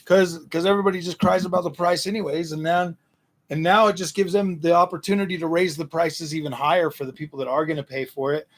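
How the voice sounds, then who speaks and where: A man's voice: fairly high pitch, fairly even intonation, fast. A man hosting a casual livestream, answering chat in a slangy, ranting way, often repeating himself and restarting his sentences.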